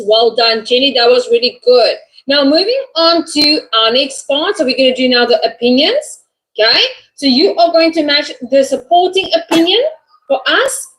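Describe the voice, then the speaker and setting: A woman's voice: sits high, a bit bright, rough recording. A woman teaching English over a video call, prompting her student and praising each answer. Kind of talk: online lesson.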